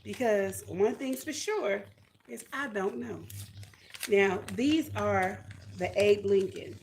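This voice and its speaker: Chatty woman with a gravelly voice. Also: mid-range voice, takes it slowly, darkish tone, a little hiss or hum. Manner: chatty, self-deprecating, thinks aloud with fillers. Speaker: homesteading vlogger. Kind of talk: casual livestream chat reading comments.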